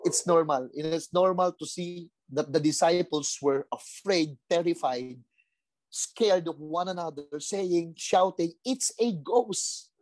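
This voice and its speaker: A man from the Philippines with a Filipino accent, preaching a lively sermon full of rhetorical questions. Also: on the high side, measured pace, dry recording. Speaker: pastor.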